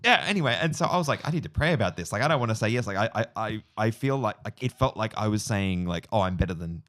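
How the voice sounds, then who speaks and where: A man in his forties with an Australian accent, talking casually and reflectively, with plenty of fillers and restarts. His voice sits a little low. It is recorded close and dry, with no room sound. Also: animated, fast, fairly bright tone, no room sound. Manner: rambling, reflective storytelling with many fillers. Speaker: podcast co-host. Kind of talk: casual chat.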